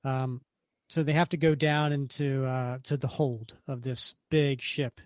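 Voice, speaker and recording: A man co-hosts a casual comic book podcast, retelling the story panel by panel with plenty of ums and restarts. His voice sits in a middle pitch. The sound is dry and close to the mic. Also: flat delivery, unhurried, no echo. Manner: rambling, many fillers and restarts. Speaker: podcast co-host.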